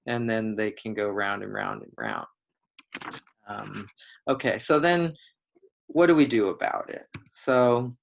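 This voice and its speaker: Gravelly-voiced man telling teaching stories. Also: mid-range voice. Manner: relaxed storytelling with many fillers and restarts. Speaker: group facilitator. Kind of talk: educational talk.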